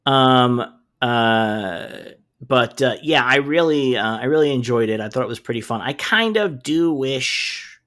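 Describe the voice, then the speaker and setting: A man in casual podcast chat, walking through a cartoon episode scene by scene. His pitch swings widely as he talks, and he fills the pauses with plenty of "uh" and "um." Now and then he drops in a swear word. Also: animated, fairly bright tone. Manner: rambling recaps with many fillers, swearing. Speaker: podcast co-host.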